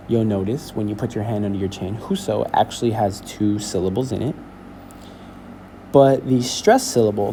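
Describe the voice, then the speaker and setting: A male teacher walking a class through a lesson, explaining slowly and checking in with "okay?". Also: mid-range voice, warm tone, a little hiss or hum. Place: school building.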